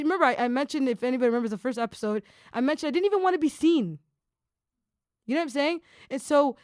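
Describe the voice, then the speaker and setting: Animated, higher-pitched woman podcast host. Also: dry recording, studio quality. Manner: animated, enthusiastic, talks in bursts with many fillers. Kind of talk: casual interview chat.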